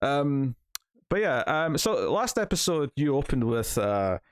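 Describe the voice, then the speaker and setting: A man's voice: medium pitch, measured pace, clean tone, no room sound, studio quality. A Scottish man co-hosting a casual TV review chat, talking animatedly. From Scotland. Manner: animated, acts out quotes in put-on voices. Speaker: TV review co-host.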